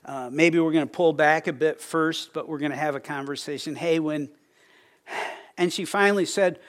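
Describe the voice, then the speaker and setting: A man's voice: on the high side, normal speed. A middle-aged man preaching a sermon in a church, telling folksy personal stories with many stammered restarts. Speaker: pastor.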